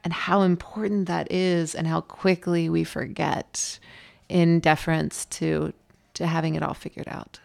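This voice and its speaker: Low-pitched with vocal fry and a measured pace, a woman pastor in her thirties reflects on faith through personal stories. She tells them earnestly, giving animated voice to the quotes.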